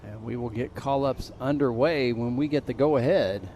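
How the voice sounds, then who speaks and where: A man's voice: medium pitch, highs cut off, slight background noise. A man announcing a live mountain bike race, calling results and rider call-ups over the PA. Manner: lively, rapid event announcing. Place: outdoors at a bike race venue.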